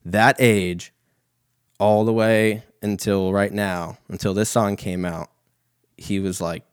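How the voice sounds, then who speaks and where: A man with a very low voice spins a long, crude story in loose casual talk. He swears freely and keeps circling back with fillers. The sound is close and dry, with no room echo. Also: fairly even intonation, takes it slowly, clean tone. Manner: rambling, profane, filler-heavy.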